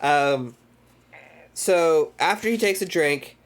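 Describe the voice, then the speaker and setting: A man's voice: a little high, animated, slow. A man streaming live, casually recapping a horror movie with lots of swearing, loose rambling and acted-out quotes. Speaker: streamer hosting a movie club.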